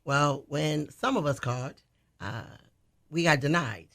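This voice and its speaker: Bright-voiced man telling a story. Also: a little high, unhurried, gravelly. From Detroit. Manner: storytelling, laughing often. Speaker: radio show co-host. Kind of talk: casual chat.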